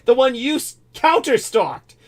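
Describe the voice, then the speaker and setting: A man's voice: very high-pitched, big pitch swings, measured pace. A man hosting a casual call-in chat, exclaiming often and stumbling over fillers. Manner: exclamatory, hesitant, many fillers. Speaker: host. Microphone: call setup.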